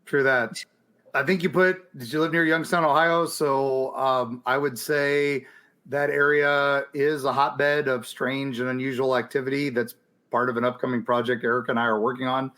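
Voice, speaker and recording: A man's voice: medium pitch, moderate pace. Easygoing rambling man podcast host. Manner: relaxed, rambling, hesitant with ums. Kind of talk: casual chat answering listener questions.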